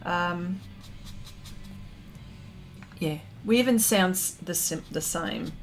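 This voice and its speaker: A woman's voice: fairly low pitch, takes it slowly, faint music behind. An Australian woman, a pastel artist, chatting casually with her viewers during a live stream as she paints, thanking them and reading their comments aloud.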